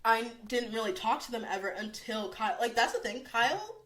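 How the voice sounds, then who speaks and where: A woman's voice: a little high, a little fast. A young woman hosting a casual podcast chat, telling work stories with lots of fillers and quoted asides. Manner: animated storytelling with frequent fillers and quoted asides. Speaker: podcast host.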